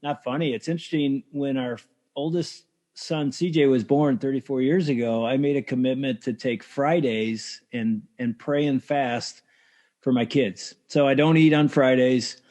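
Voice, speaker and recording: A man's voice: mid-range voice, moderate pace, darkish tone. An older man speaking as a podcast guest, earnest and emphatic, repeating key words as he talks about family. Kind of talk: interview conversation.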